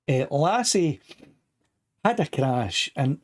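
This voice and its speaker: A man's voice: a little high, sing-song, slow. Scottish man, older, live stream host, rambling casual chat, slightly sore throat. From Scotland. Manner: rambling, chatty, reads out viewer comments.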